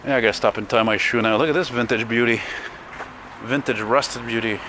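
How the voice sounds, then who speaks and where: Here a man chats to his handheld camera on windy city streets, his commentary grumbly and full of swearing. His voice is mid-range and a little fast with fairly even intonation, over street traffic and wind.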